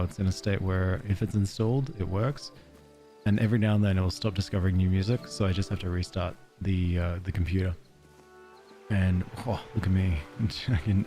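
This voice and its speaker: Aussie guy streaming a cozy game, low relaxed voice, chatty and giggly with chat. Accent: Australian. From Australia. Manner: chatty, laughs often, thanks chat viewers. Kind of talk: casual live-stream commentary.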